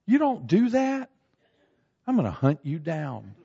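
A man preaching a sermon as a pastor, animated and acting out everyday scenes in shifting voices. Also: fairly high pitch, a little slow, gravelly, breathy edge, lo-fi sound.

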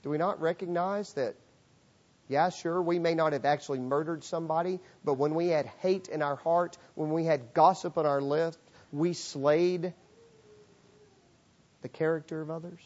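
A man's voice: fairly high pitch, steady tone, normal speed, darkish tone, muffled recording. A man preaching a sermon, earnest and emphatic, repeating key phrases for weight. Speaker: pastor.

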